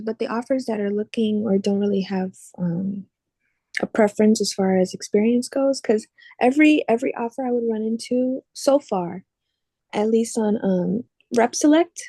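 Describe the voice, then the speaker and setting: A woman's voice: a little high, warm tone, dry recording. A woman asking questions on a video support call, hesitant and restarting her sentences. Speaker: caller.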